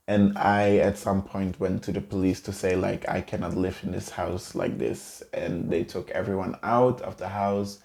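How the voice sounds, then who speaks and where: A young man telling a personal story in a halting, choked-up way, close to tears. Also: on the low side, a little mellow. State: tearful. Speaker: vlogger. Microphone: camera mic, seated in a chair.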